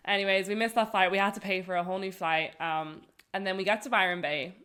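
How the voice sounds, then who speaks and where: Girl on a podcast, bright voice, laughs a lot, says like constantly. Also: mid-range voice, fast talker, smooth. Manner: animated, laughing storyteller with lots of "like". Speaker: podcast co-host. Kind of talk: casual storytelling chat.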